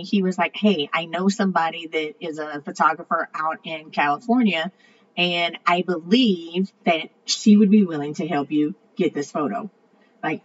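Earnest female vlogger, lower voice, rambling monologue; muffled lo-fi recording. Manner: earnest, rambling, repeats words, grows excited. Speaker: vlogger sharing a personal story. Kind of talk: emotional personal monologue. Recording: dull lo-fi audio with faint ambient noise.

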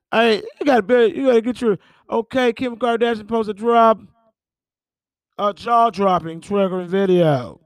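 A man's voice: high-pitched, measured pace, pauses often, no room sound. A man hosting a podcast, reading celebrity headlines and reacting with profane exclamations and laughter. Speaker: podcast host. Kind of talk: casual celebrity gossip commentary.

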